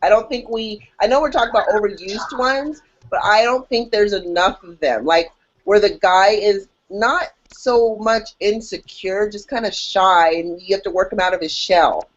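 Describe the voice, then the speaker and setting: A woman co-hosting a podcast in casual chat, animated and jokey, acting out her own reactions. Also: medium pitch, moderate pace. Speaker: podcast co-host. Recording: dull lo-fi audio.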